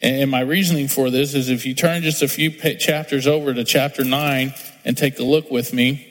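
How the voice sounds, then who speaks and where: A man's voice: mid-range voice, fairly even intonation, normal speed. A male pastor preaching a sermon in a chatty, storytelling way. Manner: conversational preaching, acts out little scenes. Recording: long hall reverb, soft music underneath.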